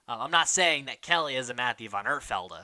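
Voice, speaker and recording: A man hosting a casual recap, chatting quickly and mimicking the people he quotes. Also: medium pitch, sharp tone. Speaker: podcast host recapping a reality show.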